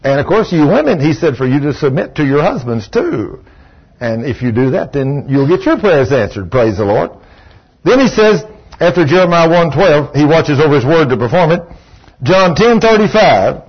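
A man's voice: a little high, sing-song, moderate pace, breathy edge, muffled recording. A man preaching a sermon in a church, emphatic and repetitive, telling folksy stories.

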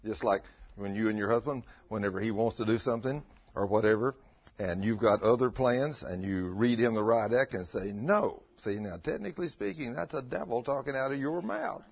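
Preacher guy, 50s, kinda husky, acting out his stories in a sermon, dull lo-fi sound. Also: mid-range voice, a little fast. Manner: lively, acts out dialogue in his stories. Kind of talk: storytelling sermon. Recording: dull lo-fi recording.

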